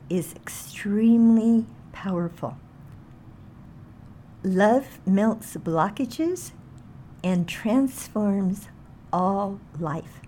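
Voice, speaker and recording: A woman leads a guided healing meditation at a slow, unhurried pace, repeating short phrases in a soothing way. Her voice is mellow and relaxed rather than bright. A faint ambient hum sits behind her. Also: medium pitch.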